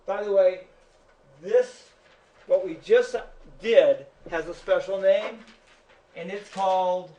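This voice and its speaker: A man's voice: high-pitched, takes it slowly, warm tone. A male teacher giving a chatty classroom lecture, joking with his students. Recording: echoey classroom from far off.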